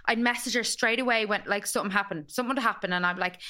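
A woman's voice: mid-range voice, very fast, hardly any pauses, pushed and bright. A woman, hosting a casual podcast chat and talking chattily with lots of fillers. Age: 30s. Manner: chatty, lots of fillers, many agreeing yeahs. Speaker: podcast host.

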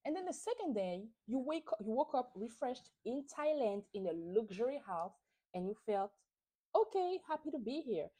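This podcast host talks through a reality show episode at a moderate pace, her fairly high, dark voice rising and falling lively as she offers chatty, opinionated gossip thick with fillers.

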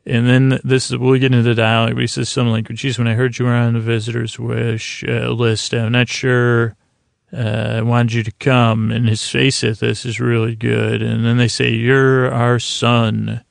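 Gravelly low-key man recapping for a sleep podcast. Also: flat delivery, moderate pace, no echo. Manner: meandering, many restarts and fillers, quietly earnest. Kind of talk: casual rambling episode recap.

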